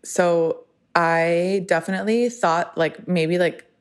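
A woman's voice: on the low side, takes it slowly. A woman just turned thirty, hosting her own podcast in a chatty, rambling monologue full of "like" and self-deprecating asides. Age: 30s. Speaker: podcast host. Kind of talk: casual solo podcast monologue.

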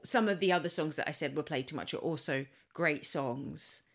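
A woman with a slightly low voice chats frankly as a co-host. She reacts quickly and speaks her mind. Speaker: podcast co-host. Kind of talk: casual chat.

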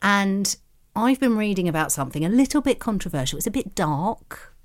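A woman's voice: medium pitch, expressive. Teasing woman co-hosting a podcast. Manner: teasing, quick interjections. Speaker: podcast co-host. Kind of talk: casual podcast chat.

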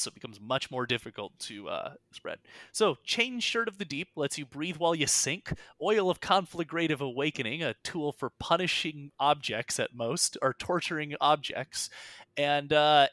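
A game master talks through a tabletop session, narrating loosely and rambling with plenty of fillers. The tone is bright and forward. The sound is dry and close, with no room echo. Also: mid-range voice.

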